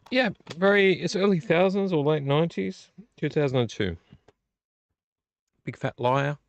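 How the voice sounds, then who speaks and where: A man's voice: fairly high pitch, gravelly, no room sound, dull audio. A man hosting a casual late-night live vlog, rambling about his tape collection with many fillers. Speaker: vlog host. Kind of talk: casual live chat unboxing VHS tapes. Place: small home room.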